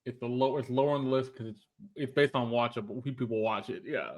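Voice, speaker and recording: Animated man arguing about anime. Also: medium pitch, fast talker. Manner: animated, emphatic, repeats himself. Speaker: podcast co-host. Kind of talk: casual anime chat.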